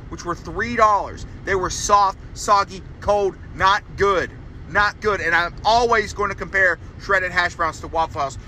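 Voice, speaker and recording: A young man hosting a solo podcast, ranting in a profane, exasperated way and jumping into loud high outbursts. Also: slight background noise, rough recording. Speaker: podcast host.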